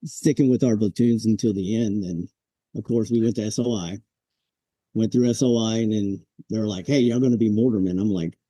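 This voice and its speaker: Male vet guest, 40s, deep mellow tone, easygoing anecdotes, dry close mic. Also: normal speed, breathy edge, no echo. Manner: laid-back, chuckles, acts out quoted drill instructors. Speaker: podcast guest, Marine veteran. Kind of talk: casual storytelling interview.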